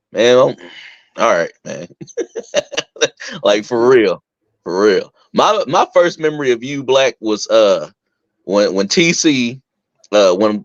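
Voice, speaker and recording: A young man chatting casually on a podcast, telling stories with lots of laughter and acting out quotes in a higher voice. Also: no room sound, highs cut off. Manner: animated storyteller, acts out quotes in a higher voice, laughs often. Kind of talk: casual chat.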